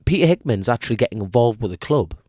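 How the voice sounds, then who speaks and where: A man's voice: mid-range voice, animated, fast, darkish tone, dry recording, clean studio sound. A young man co-hosting a casual podcast chat. He rambles, jokes, loses his thread and laughs often. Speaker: podcast co-host.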